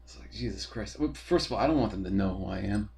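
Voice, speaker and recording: A man's voice: on the low side, animated, quick pace, vocal fry, a little mellow. A man hosting a podcast from his apartment, ranting in a rambling, profane and exasperated way. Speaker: podcast host. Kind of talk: casual ranting monologue.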